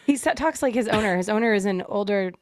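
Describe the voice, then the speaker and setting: A woman's voice: mid-range voice, dry recording, studio quality. Woman chiming in with amused asides. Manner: quick, amused interjections. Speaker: podcast co-host. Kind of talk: casual podcast chat.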